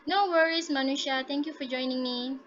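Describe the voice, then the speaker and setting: A woman's voice: high-pitched, steady tone, brisk, a bit bright, lo-fi sound, slight background noise. A woman teaching an English class online. She is encouraging, says "okay" again and again, and slips Malay words in. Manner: encouraging, repeats "okay" often, mixes in Malay. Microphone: laptop mic on a video call.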